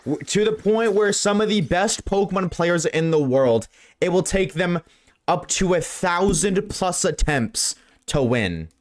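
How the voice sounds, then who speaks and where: A man streaming a game live, chatting loosely with viewers at a desk mic, swearing often and swinging between a high put-on tone and his lower everyday voice. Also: animated, unhurried. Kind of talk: casual live-stream chat while gaming. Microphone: desk microphone.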